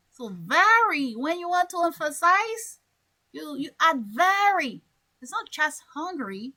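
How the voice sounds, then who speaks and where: A woman's voice: sits high, animated, takes it slowly, pushed and bright. A woman coaching an online English class, stretching key words and acting out examples. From French-speaking Africa. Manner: stresses words by drawing them out, acts out examples.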